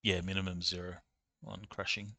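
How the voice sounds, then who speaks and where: A man running a tabletop role-playing session, narrating the scene with plenty of ums and uhs. His voice sits a little low, yet is bright and crisp, recorded close and dry. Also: flat delivery, moderate pace, no echo. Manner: hesitant, with many ums and uhs. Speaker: game master.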